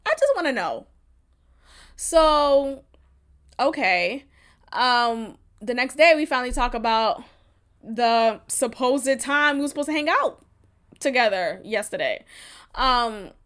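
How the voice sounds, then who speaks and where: High-voiced blunt woman from Texas venting. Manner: blunt, profane, animated, acts out texts. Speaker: podcast host. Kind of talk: casual storytelling monologue. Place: at home.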